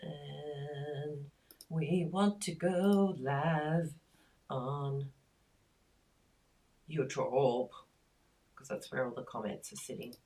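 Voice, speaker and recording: A woman hosting a casual crafting live stream, chatty and easily excited. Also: sits low, drawn-out words, pauses often. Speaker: crafting livestream host.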